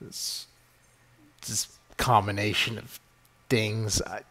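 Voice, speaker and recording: A man's voice: mid-range voice, animated, normal speed, fairly bright tone. A man hosting a podcast in loose, rambling chat, swearing freely and stacking fillers. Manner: rambling, profane, many fillers. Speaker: podcast host.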